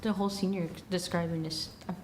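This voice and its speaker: A woman's voice: lowish voice, fairly even intonation, fast, noisy background. A woman on a talk panel, teasing the host in casual, amused banter.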